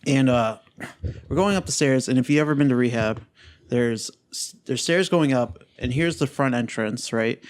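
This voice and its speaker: A man in his twenties co-hosting a casual podcast chat, telling stories in a profane, animated way. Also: mid-range voice, moderate pace. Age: 20s. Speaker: podcast co-host.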